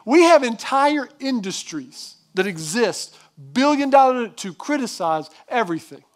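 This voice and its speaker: A man's voice: extremely high pitch, very animated, a little slow. A man preaching a sermon as pastor, emphatic, putting questions to the congregation.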